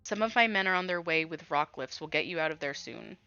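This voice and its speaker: A woman voicing a commanding woman who leads a crew, brisk and bossy. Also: deep voice, lively intonation, pushed and bright, clean tone, no room sound, lo-fi sound, soft background music, exaggerated voice.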